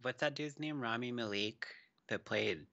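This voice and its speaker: Man, podcast co-host, gravelly, very bright tone, rambling casual chat, dull lo-fi mic. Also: mid-range voice, normal speed. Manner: rambling, trails off with fillers.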